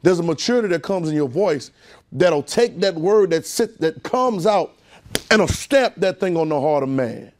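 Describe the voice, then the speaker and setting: Delivering his sermon, a male preacher slips into folksy asides with the congregation. He builds in pitch and volume to hammer home his points, his voice a little mellow.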